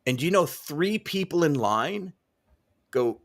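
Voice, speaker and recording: A man's voice: mid-range voice, unhurried. Middle-aged guy hosting a sales talk show, tells stories with lots of energy, acts out both sides of the conversation, voice sits right in the middle. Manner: animated storyteller, acts out dialogue. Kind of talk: casual chat.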